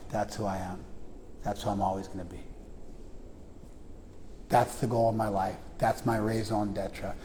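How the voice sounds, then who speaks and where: A man giving a spiritual lecture to a class, animated, swinging between quiet and loud, often checking in with "you follow?". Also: lowish voice, in a large hall, a little hiss or hum. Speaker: spiritual teacher. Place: class room in a temple.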